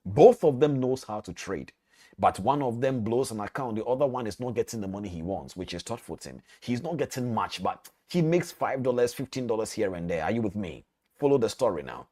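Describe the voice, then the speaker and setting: A man's voice: lowish voice, brisk. A man teaching as a trading mentor, telling a parable and speaking directly to his listeners. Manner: animated storytelling, direct to listeners. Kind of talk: storytelling lesson.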